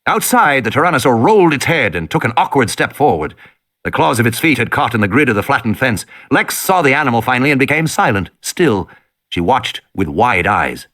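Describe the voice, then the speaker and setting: Animated male storyteller, bright tone, big pitch swings, dramatic reading. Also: a little fast. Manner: dramatic, rises and falls with the tension. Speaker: audiobook reader. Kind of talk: dramatic audiobook narration.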